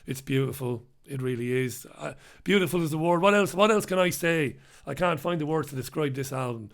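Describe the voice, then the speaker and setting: A British man with a somewhat high voice hosts a live stream, speaking briskly. He chats casually and rambles while reading viewer comments aloud.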